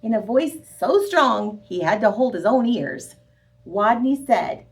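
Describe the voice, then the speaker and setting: Woman storyteller for children, high voice, unhurried and expressive. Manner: expressive, sing-song, addresses children directly. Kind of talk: children's read-aloud.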